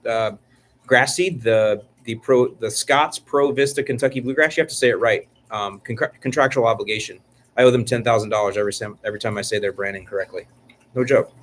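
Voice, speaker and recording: Male host, middle-aged, relaxed joking banter on a live stream, mid pitch. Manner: joking, rambling, with frequent restarts and fillers. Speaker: lawn care channel host. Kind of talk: casual live-stream chat.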